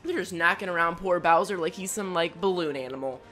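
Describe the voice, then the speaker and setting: A woman reacting to a game trailer as a YouTuber, gushing and excitable, with loud exclamations and jokey asides. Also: on the low side, brisk, few pauses, soft background music.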